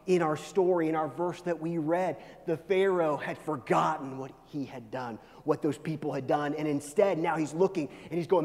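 A pastor preaching a sermon, swinging between loud, rising pleas and hushed, low lines. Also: male voice, moderate pace, few pauses. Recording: long reverb of a large hall.

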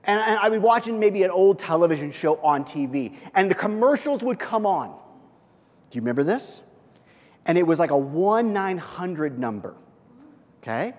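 Animated high-voiced preaching man. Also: moderate pace, long reverb tail. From Kansas City area. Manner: animated, conversational preaching with asides. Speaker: pastor. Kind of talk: sermon.

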